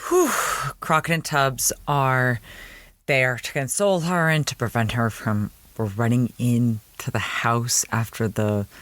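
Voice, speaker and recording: A man's voice: medium pitch, fairly bright tone, no room sound. Wry man recapping a TV episode. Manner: chatty and wry. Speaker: podcast host.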